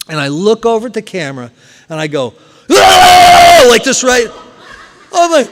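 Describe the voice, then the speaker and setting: Man, recovery meeting speaker, animated storyteller, high voice, reverberant hall. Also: fast, over a noisy crowd, very noisy. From New Jersey. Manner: animated storyteller, acts out scenes loudly.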